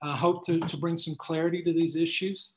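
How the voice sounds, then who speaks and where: A man's voice: fairly high pitch, little pitch movement, brisk, poor audio. A man, an attorney, lecturing a class in a conversational way, often restarting his sentences. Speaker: attorney giving a class talk. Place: room full of people.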